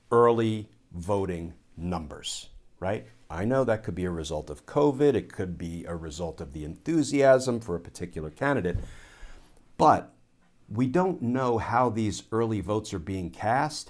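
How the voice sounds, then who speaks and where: A former Army lawyer from the United States, a man giving solo commentary, explaining points in a measured way and restating phrases for emphasis. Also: fairly low pitch, big pitch swings, darkish tone.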